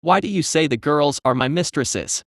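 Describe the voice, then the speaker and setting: A man's voice: on the high side, normal speed, no room sound, studio quality, natural voice. A man voicing a reborn male tree spirit who tries to sound grand and dignified.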